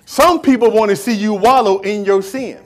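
A man's voice: high-pitched, normal speed. A man preaching a sermon in an emphatic, repetitive way, with conversational, streetwise phrasing.

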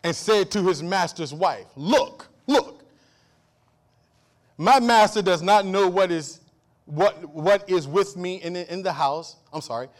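A male pastor preaching a sermon, calling out for amens and swinging from loud outbursts to low hushed asides. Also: a little slow. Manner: repeats and restarts phrases, calls for amen.

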